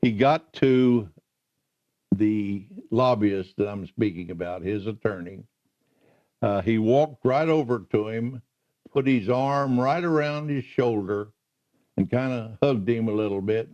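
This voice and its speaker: An older man slowly recalling his career in an oral history interview, pausing often with "uh". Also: lowish voice, darkish tone. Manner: slow, halting storyteller with many "uh" pauses. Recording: muffled lo-fi recording.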